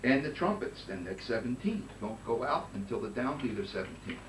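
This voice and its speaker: A man teaching a conducting master class, giving brisk coaching commands and singing phrases in nonsense syllables. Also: mid-range voice, sing-song. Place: rehearsal room with band. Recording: roomy distant recording with noise.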